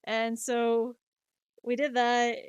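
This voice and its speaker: Rambly woman streamer in her 30s, kinda high smooth voice, dry close sound, lots of um and like. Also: completely flat delivery, very slow, dry recording. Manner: rambling, many fillers and restarts, laughs at herself. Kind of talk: casual storytelling chat.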